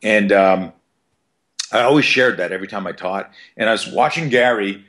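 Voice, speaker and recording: A man's voice: lowish voice, moderate pace, fairly bright tone. A man in his fifties, a self-defense coach guesting on a podcast, telling stories in a rambling, profane way full of fillers. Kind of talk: casual storytelling interview.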